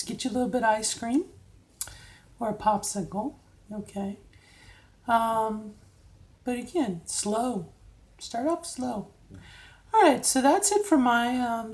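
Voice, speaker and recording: A middle-aged woman casually coaching viewers through voice drills, checking in with frequent "okay?"s. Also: a little high. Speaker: vlogger giving voice training tips. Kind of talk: casual instructional vlog.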